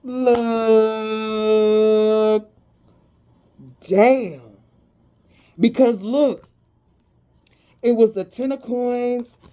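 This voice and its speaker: A woman giving a tarot and energy reading to her viewers, talking in an animated, slangy way and breaking into sudden whoops of excitement. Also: fairly high pitch, very slow, pauses often, smooth.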